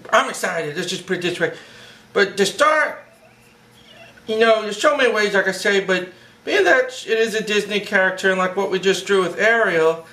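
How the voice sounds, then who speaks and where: A man hosting a drawing tutorial from home, talking in an excitable, rambling, hyper way. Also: high voice. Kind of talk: casual drawing lesson. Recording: echoey room.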